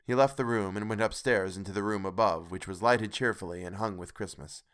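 A man narrating a classic story in a measured, expressive reading. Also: lowish voice, smooth. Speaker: audiobook narrator. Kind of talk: scripted narration.

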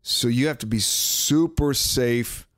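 A man hosting a sports podcast, talking casually and sarcastically, giving betting picks and mimicking others in quick asides. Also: mid-range voice, fairly bright tone, no room sound, clean studio sound. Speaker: podcast host.

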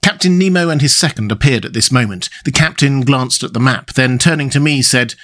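A man narrating a classic adventure novel as an audiobook. His reading is measured and steady, pitched in an ordinary middle range.

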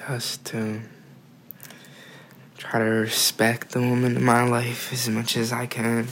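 A teenage boy who is a podcast guest, giving quiet, brief, hesitant answers. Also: medium pitch, monotone, slow pace, slight background noise, poor audio. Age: teens. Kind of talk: podcast conversation.

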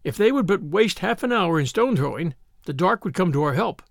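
A male audiobook narrator reads a classic adventure with expressive, dramatic phrasing. His high voice carries a gravelly edge and moves lively in pitch. The recording sounds dry and close. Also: a little fast, no room sound. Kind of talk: scripted storybook narration.

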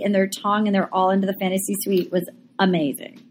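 A woman's voice: medium pitch, moderate pace, few pauses. A woman co-hosting a casual chat, animatedly retelling a reality show, quoting people and swearing freely. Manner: animated storyteller, quotes people in put-on voices, swears freely. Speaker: podcast co-host.

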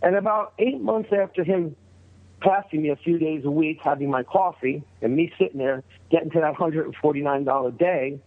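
Middle-aged man from New York, over a tinny line. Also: normal speed. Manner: animated, acts out quoted voices in a higher pitch. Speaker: guest. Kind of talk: casual storytelling.

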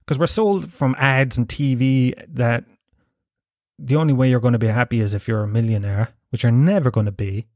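The host goes on a loose, profane tangent on his podcast, chuckling at his own humor throughout. He speaks at a moderate pace in a medium, somewhat mellow voice, captured cleanly in a studio without any room sound.

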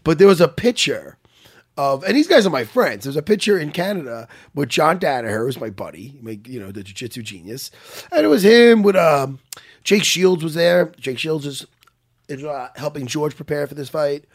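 Animated high-voiced guy, laughs a lot. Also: moderate pace, breathy edge. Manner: rambling, restarts sentences. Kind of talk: casual chat.

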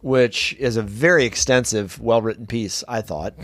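A man's voice: mid-range voice, moderate pace, no echo, clean studio sound. A man co-hosting a podcast, chatting casually and summarizing a news article with frequent ums and restarts. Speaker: podcast co-host. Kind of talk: casual discussion of education news.

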